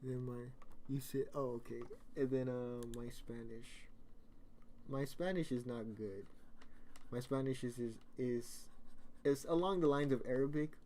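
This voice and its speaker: A man's voice: medium pitch, a little slow, mellow, slight background noise. A man chatting casually on a live stream, rambling and joking, often correcting himself mid-sentence.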